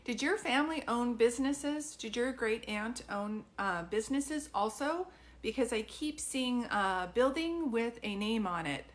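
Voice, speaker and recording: A woman doing live psychic readings for viewers, chatty and informal, filling pauses with ums and calling people sweetie. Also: on the high side, animated. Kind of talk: livestream chat with viewers.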